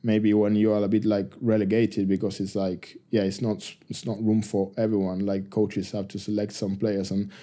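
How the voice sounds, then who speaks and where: A man, a rugby player telling stories as a guest in a casual interview, halting and full of restarts. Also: on the low side. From Argentina. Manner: halting, many restarts and fillers, relaxed.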